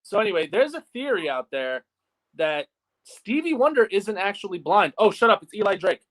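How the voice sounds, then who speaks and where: Rambling man with a fairly high voice. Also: sing-song, moderate pace, a bit bright. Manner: rambling, fills with "like" constantly. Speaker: co-host of a wrestling watch-along. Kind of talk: casual chat.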